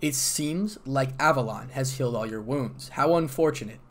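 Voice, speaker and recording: A man voicing a stoic former knight king from a storybook reading. The delivery is solemn and calm, close to his own mid-pitched voice. It is measured and grave throughout. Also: close to an everyday voice.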